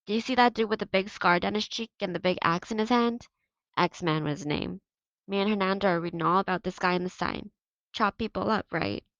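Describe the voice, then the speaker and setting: A woman's voice: medium pitch, fairly quick, fairly bright tone, no room sound, lo-fi sound, lightly acted. A woman reading aloud and voicing a cocky, mocking teenage boy who leads the soccer team. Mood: swaggering. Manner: taunting, swaggering.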